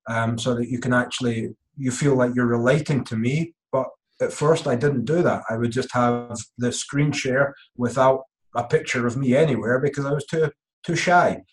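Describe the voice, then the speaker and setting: A man's voice: mid-range voice, poor audio. A man who coaches online marketing, explaining step by step in a hesitant way with many fillers. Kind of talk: live Q&A chat.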